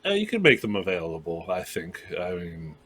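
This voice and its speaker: A man speaks in character during a tabletop game, casual and chatty. His voice sits fairly low, and a mildly sarcastic edge runs through his talk. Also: huge pitch swings, moderate pace, fairly bright tone, husky. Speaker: player. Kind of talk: in-character tabletop role-play.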